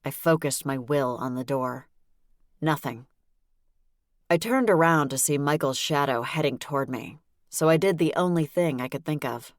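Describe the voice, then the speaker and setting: A woman narrating a novel in the first person, with a wry, brisk delivery. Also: low-pitched, no echo, studio quality. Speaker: audiobook narrator.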